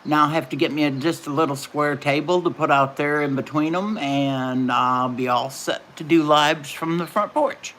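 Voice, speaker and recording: A woman's voice: low voice, normal speed, few pauses, a bit bright, slight background noise. A middle-aged woman, chatting casually and telling folksy stories while hosting a livestream. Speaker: livestream host.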